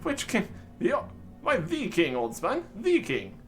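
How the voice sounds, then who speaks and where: A man's voice: high-pitched, wildly swooping pitch, measured pace, a bit bright, faint music behind, voice pushed up, full character voice. Man as a pompous bearded old dwarf, plummy old-fashioned posh diction, sing-song delivery. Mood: jolly.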